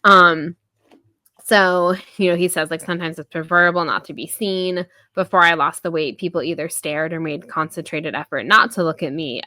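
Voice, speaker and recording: Retelling a novel's scenes on a casual book-review podcast, this co-host laughs often and leans heavily on fillers in her chatty delivery. Her voice is low-pitched with a sharp tone, and the recording is dry.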